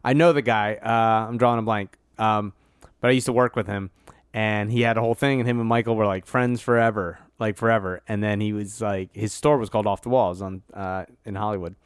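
A man with a smooth, clear voice chats casually as a podcast co-host. He tells a meandering story, stopping to hunt for names. The sound is close and dry, with no room around it. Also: on the low side, fairly even intonation, brisk, no echo. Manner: rambling storyteller, searches for names mid-story. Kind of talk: casual chat.

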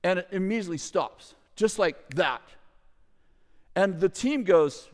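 A middle-aged man telling a story to an audience in a lively way, with loud bursts, acted quotes and chuckling asides. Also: fairly high pitch, normal speed, long pauses. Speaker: ministry leader telling a story. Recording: long hall reverb.

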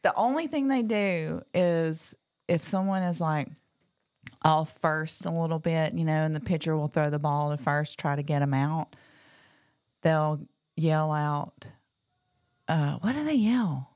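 A woman's voice: sits low, unhurried, clean tone, dry recording, clean studio sound. A woman co-hosting a casual chat, telling stories and acting out chants. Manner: animated, acts out chants and quotes. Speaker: podcast co-host.

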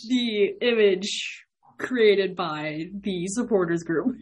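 A young woman hosts a casual podcast, rambling happily and laughing often between her questions. Her voice sits at an ordinary pitch for a woman. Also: slow, a little mellow, husky. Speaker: podcast host. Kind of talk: casual interview chat.

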